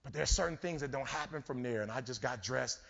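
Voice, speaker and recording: A man giving a motivational keynote, telling stories and building to shouts. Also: medium pitch, fast, gravelly. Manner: preachy, storytelling, rising to shouts. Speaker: keynote speaker. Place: large conference hall. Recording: dull hall recording with long reverb.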